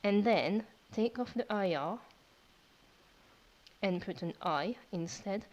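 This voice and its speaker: A woman's voice: medium pitch, a little mellow, highs cut off. Patient woman teaching a language lesson. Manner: patient, repeats steps, explains slowly. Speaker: French teacher.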